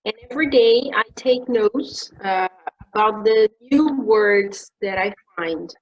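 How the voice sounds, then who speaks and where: A Brazilian woman, an English teacher speaking English with a Brazilian accent, calmly explaining study tips in a casual online conversation. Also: medium pitch, muffled recording. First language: Portuguese. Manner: measured, explanatory, gives tips.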